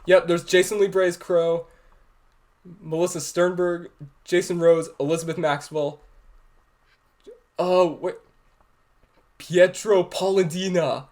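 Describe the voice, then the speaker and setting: A man hosting a fan reaction video, gushing and shouting with excitement over the show he is watching. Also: high-pitched, slow pace, pauses often.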